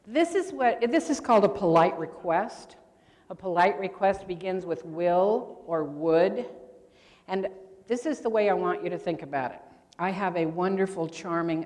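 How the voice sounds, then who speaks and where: Her voice lowish and a bit mellow, an older woman presents grammar at a convention workshop, keeping things chatty and quizzing attendees. The recording carries the long reverb of a large convention hall.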